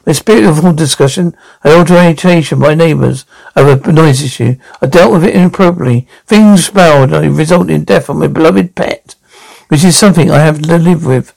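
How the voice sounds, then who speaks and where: A man's voice: a little high, fairly quick, creaky, darkish tone, rough recording. A man playing a stiff, formal anger-management counsellor in a comedy sketch, defensive and correct in the way he speaks. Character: prim, touchy male anger-management counsellor.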